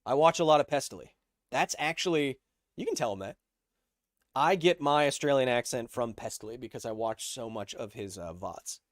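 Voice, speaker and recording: A man's voice: mid-range voice, lively intonation, normal speed, no room sound, studio quality. A man hosting a livestream, explaining science casually and answering chat with jokes. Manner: explains science, reads chat aloud, jokey. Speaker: host.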